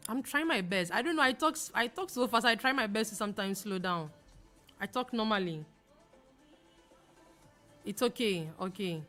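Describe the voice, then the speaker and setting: A young woman from Ghana hosting a live trading stream, talking fast as she reads viewer comments aloud and answers them. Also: medium pitch, animated, bright, forceful tone, faint music behind. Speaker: forex trading livestream host. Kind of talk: casual livestream chat reading viewer comments.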